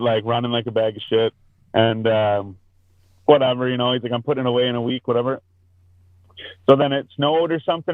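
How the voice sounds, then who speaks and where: A man's voice: mid-range voice, dry recording. Man rambling over a tinny call line. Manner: rambling, profane storyteller. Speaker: podcast host. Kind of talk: casual chat over video call. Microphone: video call. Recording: dry, tinny phone-like call audio.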